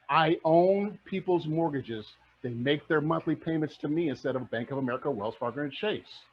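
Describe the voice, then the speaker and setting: A middle-aged man with a husky, somewhat high voice delivers a fiery, passionate real estate presentation, an energetic motivational talk. He repeats lines for emphasis, and the lo-fi recording sounds dull.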